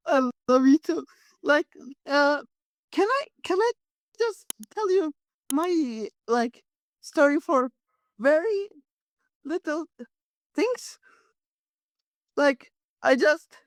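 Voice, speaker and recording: Tearful woman with a high, slow voice. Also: no room sound. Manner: emotional, halting speech with many fillers and restarts. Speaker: caller receiving a healing.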